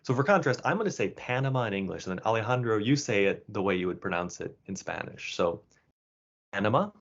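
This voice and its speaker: A man explaining pronunciation as a course instructor, in a relaxed, casual way. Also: lowish voice, quick pace, vocal fry. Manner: casual, with fillers and restarts. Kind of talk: explanatory lesson narration. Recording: dull lo-fi sound.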